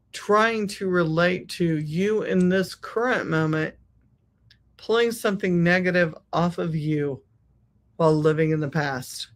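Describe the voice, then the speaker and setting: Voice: medium pitch, fairly bright tone. A spiritual healer hosting a podcast, speaking in a reflective monologue with repetitive, emphatic phrasing.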